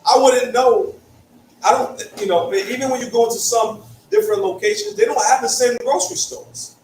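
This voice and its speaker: A man's voice: extremely high pitch, animated, normal speed, a little mellow. A young man from Hartford with a Connecticut accent, teaching a Bible study in a conversational way, often checking in with "right?". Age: young adult. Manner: conversational, peppers points with "right?". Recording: echoey room, mic far off, faint hiss.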